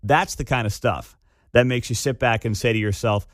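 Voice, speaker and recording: A male talk radio host in a studio, opinionated and sarcastic, scoffing at what he reads. His voice sits at an ordinary pitch and comes through close and completely dry. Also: moderate pace, no room sound. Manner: incredulous, sarcastic, laughs at the absurdity. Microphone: studio microphone.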